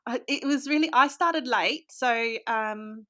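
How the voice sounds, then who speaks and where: An Australian woman from Australia, a guest author, talking in a relaxed, rambling way with many fillers. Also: on the high side, takes it slowly. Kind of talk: casual interview chat.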